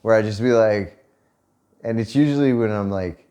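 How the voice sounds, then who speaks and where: A man with a somewhat low voice talks casually on a couple's vlog. He jokes and swears freely, with a sarcastic edge. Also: normal speed, warm tone. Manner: joking, profane, sarcastic asides. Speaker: vlog co-host.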